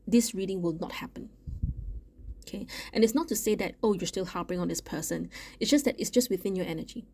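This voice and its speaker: A woman giving a casual tarot reading, chatty and thinking aloud, often pausing on "okay" and restarting her sentences. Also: on the low side, warm tone. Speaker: tarot reader.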